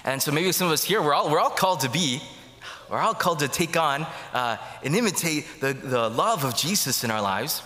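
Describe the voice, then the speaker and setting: Bright-voiced preacher in an echoey church. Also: male voice, a little high, animated, fairly quick. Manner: rambling, many fillers and restarts. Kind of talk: casual homily.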